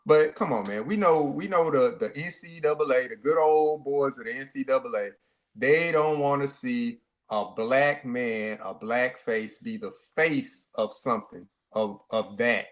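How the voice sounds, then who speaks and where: A man's voice: mid-range voice, measured pace. A man co-hosting a sports talk show, speaking emphatically and often repeating and restarting his words.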